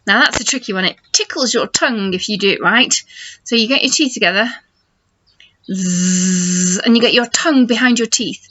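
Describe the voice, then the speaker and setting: A middle-aged woman teaching phonics to young children, slow and encouraging as she models sounds for them to copy. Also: fairly high pitch, pushed and bright. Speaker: nursery teacher. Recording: dull lo-fi home video sound.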